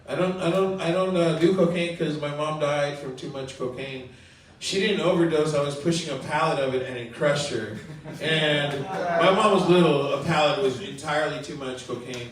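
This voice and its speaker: A middle-aged man from Colombia doing open mic stand-up and chatting with the crowd, with a halting, rambling delivery full of ums and little laughs. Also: a little high. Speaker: stand-up comedian. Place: comedy club room. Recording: echoey room, mic far off.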